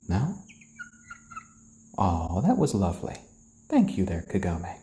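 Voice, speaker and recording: A man hosting a casual live stream, talking in a soft, slow, soothing voice to keep his chickens calm while he reads out viewer comments. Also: deep voice, a little hiss or hum. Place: indoors, roomy. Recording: roomy echo.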